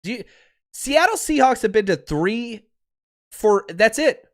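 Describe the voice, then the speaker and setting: A man's voice: high-pitched, big pitch swings, unhurried, a bit bright. A man hosting a sports podcast, ranting with big swings between outbursts and laughing asides. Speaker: podcast host. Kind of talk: fired-up sports podcast rant. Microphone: streaming podcast mic.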